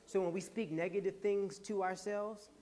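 A man hosting a podcast, giving an animated, laughing, preacher-like motivational talk to a live audience. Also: high-pitched, moderate pace. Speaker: podcast host and speaker.

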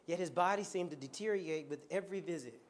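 A man with a notably high voice preaches a storytelling sermon to his church. He is animated and playful, cracking jokes and breaking into laughter as he goes. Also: fast. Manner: animated and joking, laughs often mid-sentence. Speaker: pastor. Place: church before a congregation.

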